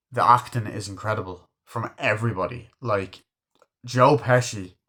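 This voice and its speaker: A man's voice: fairly low pitch, a bit bright. A man casually reviewing a film, enthusiastic and swearing constantly while he acts out scenes. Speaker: movie reviewer. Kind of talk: casual movie review chat.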